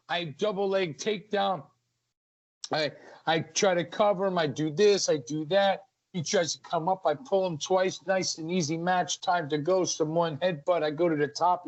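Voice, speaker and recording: A man, a wrestler, telling stories from the ring as a guest in an energetic, animated way. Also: high voice. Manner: energetic, acts out ring action. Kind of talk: animated storytelling. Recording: lo-fi muffled audio.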